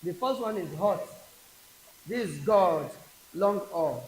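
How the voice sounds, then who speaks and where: A man with a Nigerian accent teaching an exam prep English class, slowly repeating each word aloud for drilling. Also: sits high, expressive. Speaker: English tutor. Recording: echoey classroom with faint hiss.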